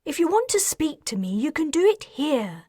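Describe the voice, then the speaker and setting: A woman voicing an indignant, sharp-tongued woman doctor in an audiobook, firing off high exasperated retorts. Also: big pitch swings, moderate pace, no echo, clean studio sound.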